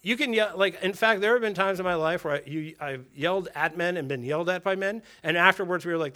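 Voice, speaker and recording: A man's voice: sits high, quick pace, hardly any pauses, bright, forceful tone. Man preaching in a conversational voice. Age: adult with a daughter and wife. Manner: conversational preaching with rhetorical questions and repeated phrases. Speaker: pastor. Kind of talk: sermon to a men's gathering.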